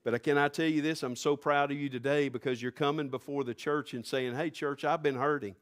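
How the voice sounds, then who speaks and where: A male pastor preaching a sermon, rising fervently to near-shouts. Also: fairly high pitch, steady tone, a little fast.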